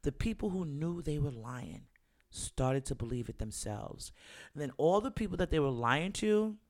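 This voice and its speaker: A man's voice: a little high, moderate pace. Chatty man retelling a story with voices. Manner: animated storytelling, acts out quotes in raised voices; frequent fillers like um and you know. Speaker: commentator recapping a reality show. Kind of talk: casual chat.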